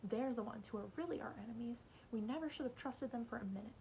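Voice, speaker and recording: A woman reading aloud as a small boy spoken through by an alien, bland, calm and reasonable. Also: on the high side, fast talker, gravelly, a little hiss or hum, rough recording. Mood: eerie calm.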